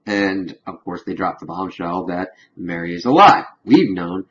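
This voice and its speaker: A man's voice: low voice, lively intonation, a little slow, fairly bright tone, dull audio. A man casually recapping a TV episode as a reviewer, rambling along with lots of "of course" and "kind of".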